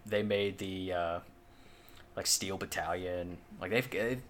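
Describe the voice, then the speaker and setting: A man with a somewhat low voice talks loosely on a podcast. He rambles and circles back, leaning on fillers and the occasional swear. A faint hiss sits under his voice. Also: steady tone, takes it slowly, fairly bright tone. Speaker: podcast co-host. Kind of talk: casual chat.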